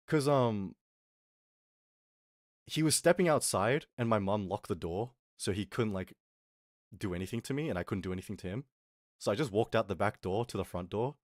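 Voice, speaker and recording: With a medium-pitched, expressive voice at normal speed, a young vtuber streamer pauses often while casually rambling through a story for his chat. He uses lots of fillers, reads chat and acts out quotes, and the close mic picks up no room sound.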